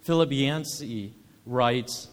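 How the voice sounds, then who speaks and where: A man preaching a sermon as pastor, measured and reflective, often pausing with filler sounds. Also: mid-range voice, in a large hall.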